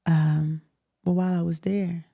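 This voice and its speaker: Woman host, low-ish voice, animated candid storyteller, quick to laugh. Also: gravelly, dry recording, muffled recording. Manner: animated, laughs often, emphatic.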